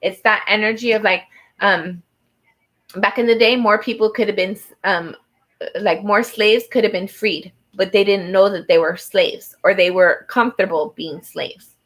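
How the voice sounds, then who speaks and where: In an unhurried, steady, mid-range voice with a bit of brightness, a tarot reader offers a personal reading on a low-quality recording. She encourages the viewer earnestly, with frequent fillers and restarts.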